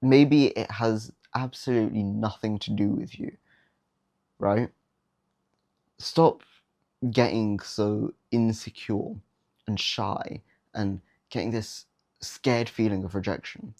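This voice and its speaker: A man's voice: fairly low pitch, steady tone, slow pace, long pauses, a little mellow. A young man giving dating advice in a casual, blunt, slangy monologue, often mocking the habits he warns against.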